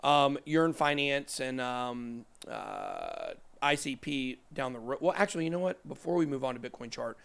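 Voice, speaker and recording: A man in his thirties hosts a casual crypto show, rambling over live price charts and tossing in joking, self-deprecating asides. His mid-range voice is sing-song, creaky and fairly bright, at a normal speed.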